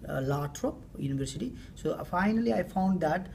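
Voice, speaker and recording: Low gravelly woman presenting, hesitant. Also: animated, darkish tone, a little hiss or hum. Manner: hesitant, frequent fillers and pauses. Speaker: student presenter. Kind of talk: class presentation of survey results.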